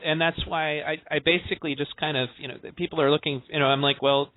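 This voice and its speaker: A man's voice: a little high, fairly even intonation, fast, no echo. A man hosting a podcast conversation, talking casually with a sarcastic edge and lots of "um" and "you know". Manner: sarcastic, many fillers. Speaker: podcast host. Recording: tinny phone-line call.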